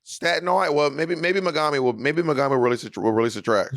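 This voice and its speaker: A man in his thirties from New York co-hosting a podcast in campy, animated casual chat. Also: fairly high pitch, fast talker. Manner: campy, animated storyteller, breaks into shouted stage hype. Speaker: podcast co-host.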